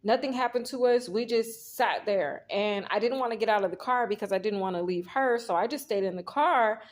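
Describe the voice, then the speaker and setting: A woman's voice: medium pitch, a little fast. Rambling woman reading tarot. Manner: rambling, talks straight to viewers, retells scenes quoting herself. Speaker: tarot reader. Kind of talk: casual storytelling with a tarot reading.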